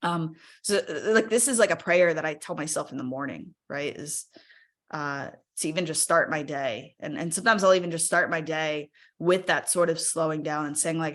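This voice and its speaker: Chatty woman leading a webinar, lower voice. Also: normal speed, a bit bright. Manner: chatty, peppered with "right?" and "like"; encouraging, invites audience to use the chat. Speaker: webinar speaker. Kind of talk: casual live webinar talk.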